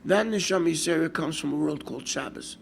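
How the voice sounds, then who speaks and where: Brief: older New rabbi, gravelly and a bit high, storytelling sermon, faint hiss behind. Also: male voice, fast talker. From United States. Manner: storytelling with lively quoted asides, mixing Hebrew and Yiddish terms. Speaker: rabbi giving a Torah class.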